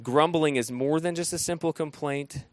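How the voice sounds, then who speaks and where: Male pastor, slightly high voice, plain conversational preaching, dry close-miked sound. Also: moderate pace, dry recording. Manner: conversational preaching with frequent restarts and dramatized quotes. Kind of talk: sermon.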